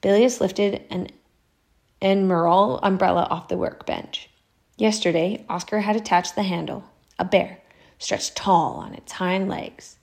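A woman narrating a storybook aloud in a measured, expressive way. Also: medium pitch, creaky.

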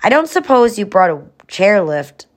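A woman's voice: medium pitch, sing-song, normal speed, voice pushed up, natural voice. A woman voicing a nervous, anxious young boy in a storybook reading, worried and pleading.

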